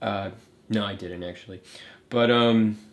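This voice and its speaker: A man's voice: lowish voice, fairly even intonation. A man ranting casually about films, swearing a lot and mocking what he dislikes, with many fillers and restarts. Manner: profane, fast, scornful, many fillers and restarts; mocks characters in a raised voice. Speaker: film vlogger. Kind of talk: casual rant to camera.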